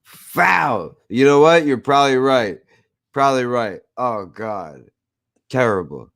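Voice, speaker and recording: A man's voice: mid-range voice, lively intonation, slow pace, vocal fry, a bit bright. A man from New Jersey hosting a podcast, ranting emphatically in casual chat, repeating himself and swearing. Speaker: podcast host.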